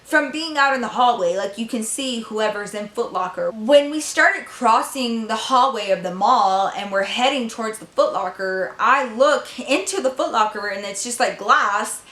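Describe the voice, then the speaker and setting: Young woman telling a story to her viewers, cussing a lot, voice on the high side, echoey room. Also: normal speed, hardly any pauses. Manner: profane, animated, talks to viewers directly. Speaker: vlogger. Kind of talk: storytime vlog.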